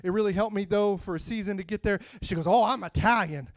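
Guy preaching a sermon, high voice, dry close sound, gets loud then soft again. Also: brisk, no echo. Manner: swings from quiet talk to loud preaching; calls out to the congregation.

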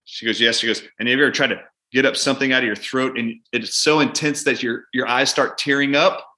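Bright-voiced man telling a vivid clinic story. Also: mid-range voice, fast. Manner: animated, acts out both sides of a patient exchange. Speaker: doctor and guest. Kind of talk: conversational storytelling.

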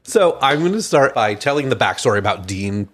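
A man's voice: medium pitch, big pitch swings, fairly quick, fairly bright tone. A man co-hosting a true crime podcast, reading out a case story with casual asides and stumbling over names. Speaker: podcast co-host.

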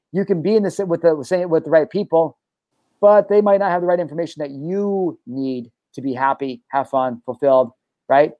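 A man's voice: a little high, no room sound, lo-fi sound. A man hosting a talk show and coaching listeners in an intense, profane, preachy monologue. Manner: intense, swears freely, preachy. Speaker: podcast host and life coach.

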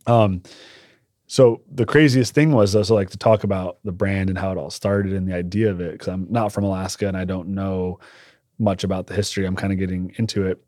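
A young man spins a rambling, animated story in casual podcast chat, cursing offhandedly. His voice sits on the low side. The sound is dry and close, with no room echo. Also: brisk. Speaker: podcast guest, cannabis shop owner.

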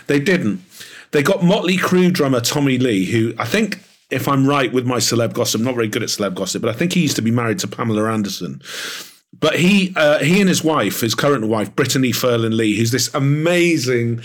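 A man being interviewed as an author, talking in an animated, enthusiastic way with plenty of fillers. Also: medium pitch. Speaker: author and guest. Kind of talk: podcast interview.

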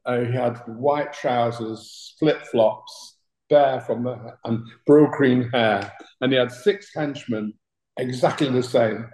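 An older British man spins long, chatty anecdotes as an interview guest and chuckles between the punchlines. His voice sits at an ordinary mid pitch, and the room around him rings with echo. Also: takes it slowly, a little mellow. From Britain. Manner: chatty, laughs through his stories. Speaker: guest, talent manager.

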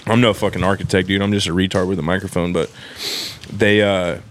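A man's voice: sits low, flat delivery, fairly quick, slight background noise. A young man with a Southern Californian accent co-hosting a casual podcast, talking in loose slang full of swearing and "dude.". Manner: profane, laid-back slang, lots of "dude". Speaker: podcast co-host. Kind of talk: casual chat.

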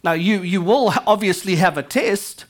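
A woman pastor preaching a live church sermon, energetic and calling out to the congregation. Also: medium pitch, normal speed. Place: church sanctuary.

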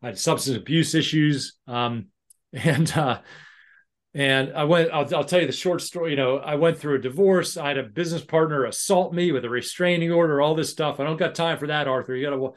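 A man's voice: on the high side, fairly quick. A middle-aged American man, a leadership coach, telling his career story candidly with self-deprecating humor and some stumbling restarts. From United States. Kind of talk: casual interview storytelling.

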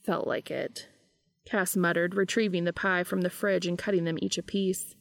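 A woman reading fan fiction aloud in a steady, even storytelling manner. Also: lowish voice, a little fast, vocal fry, no echo.

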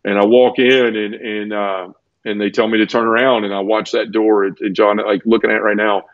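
A man speaks in a fairly low voice as an interview guest, earnest and close to tears, stumbling through restarts and repeated words. The sound is dull and lo-fi, with a dry, close feel and no room echo. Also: level tone, brisk. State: teary. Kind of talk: emotional personal storytelling in conversation.

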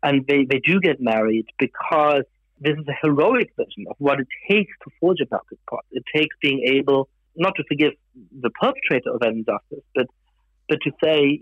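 A man who grew up in Germany, a guest giving thoughtful, measured interview answers with some fillers. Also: mid-range voice, lively intonation, slightly rough, no room sound, narrow, tinny audio.

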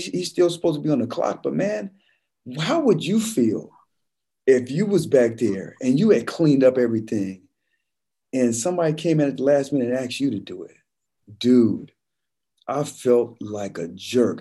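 A laid-back man talks in an easy conversational flow, constantly dropping "man" into his stories. His voice is mellow and a little husky, sitting at a middle pitch. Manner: relaxed storyteller, says "man" constantly. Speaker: podcast guest, former football player. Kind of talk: casual conversation, storytelling.

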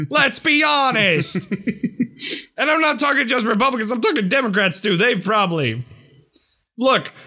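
A man co-hosting a podcast in casual chat, excitable, laughing often and swearing freely, on a studio mic with a pop filter. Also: very high voice, unhurried, pauses often. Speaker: podcast co-host.

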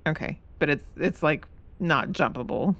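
A woman's voice: low-pitched, animated, moderate pace, dull audio. A woman playing a tabletop horror game, hesitant and asking questions to be sure. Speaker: player. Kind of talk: casual tabletop game chat.

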